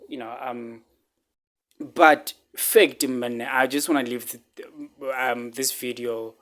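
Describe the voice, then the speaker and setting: Guy vlogging his story, keeps saying "man" and "right", choked up and halting. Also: mid-range voice, steady tone, fairly bright tone. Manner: halting, repeats words, fillers like "man" and "right?". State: close to tears. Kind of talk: emotional personal storytelling.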